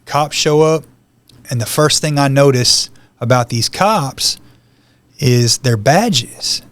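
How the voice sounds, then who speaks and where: A man's voice: medium pitch, expressive, takes it slowly, fairly bright tone, no echo. Man telling his story, casual. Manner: conversational storytelling, acts out quoted lines. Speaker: podcast guest. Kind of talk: personal testimony.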